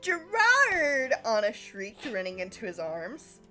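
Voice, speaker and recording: Woman reading cringey fanfic out loud, slow, pitch all over the place, faint music behind. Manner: animated, laughs often, reads in quoted voices. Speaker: podcast co-host. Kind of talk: reading fanfic aloud and joking.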